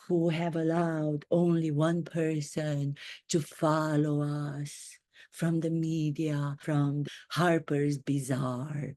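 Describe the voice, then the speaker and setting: A woman doing a grandiose gravelly duchess. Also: fairly low pitch, warm tone, voice pushed down, heavily acted. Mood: haughty. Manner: slow, grandiose, theatrical delivery with drawn-out words. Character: vain self-pitying duchess woman, grandiose and aloof. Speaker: acting coach. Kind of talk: satirical character impression.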